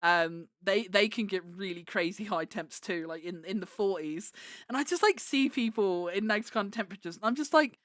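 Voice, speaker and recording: A woman's voice: mid-range voice, normal speed, a bit bright, no echo, studio quality. A woman livestreaming from home, chatting casually with viewers, giggling and restarting her words as she talks into a desk microphone.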